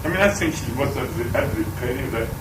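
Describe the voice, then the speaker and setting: A man's voice: medium pitch, expressive, rapid-fire, background noise. A Scottish man singing folk songs and telling rambling jokes in a live folk club set, recorded from a distance. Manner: rambling, joking storyteller. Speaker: folk singer. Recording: roomy live tape from far off, guitar.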